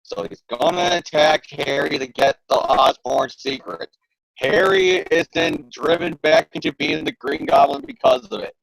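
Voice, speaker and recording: A man's voice: on the high side, big pitch swings, moderate pace, vocal fry, a bit bright, no echo, rough recording. A man co-hosting a casual comic-book discussion, jokey and full of profanity. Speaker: podcast co-host.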